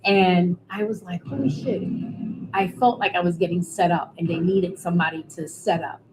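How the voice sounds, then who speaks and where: A middle-aged woman giving a candid, halting personal testimony as a guest, often restarting her sentences. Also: fairly low pitch, steady tone, background noise. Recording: music playing behind.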